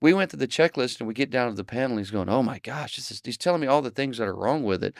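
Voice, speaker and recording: A man tells a work story on a podcast, slipping into other people's lines as he goes. His voice sits in a middle pitch and is recorded dry and close, with no room sound around it. He then wraps up the episode in a steady host's tone. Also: very fast, vocal fry, no room sound. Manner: animated storyteller acting out dialogue. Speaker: podcast host. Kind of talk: storytelling anecdote, then closing wrap-up.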